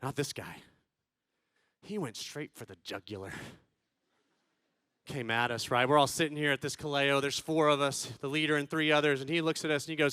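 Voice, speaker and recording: A man in his thirties tells comic stories to a crowd, loud one moment and hushed the next as he acts out what people said. His voice sits high and bright for a man. The sound is close and dry. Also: normal speed, clean tone, no echo. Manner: animated, acts out quotes, swings from loud to hushed. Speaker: conference speaker. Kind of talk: comedic storytelling talk.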